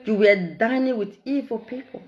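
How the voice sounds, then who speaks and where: A middle-aged Nigerian woman with an Edo accent, talking in a casual, animated, repetitive way and laughing often. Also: on the high side, moderate pace, lo-fi sound, very noisy. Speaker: social media live streamer. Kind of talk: casual monologue in Pidgin and Edo.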